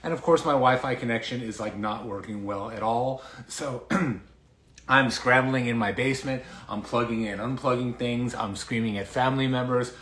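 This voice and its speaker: A man, a dermatologist, hosting a casual livestream, chatty and excitable, rambling with lots of fillers, a little out of breath. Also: mid-range voice, normal speed. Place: home basement. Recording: echoey room.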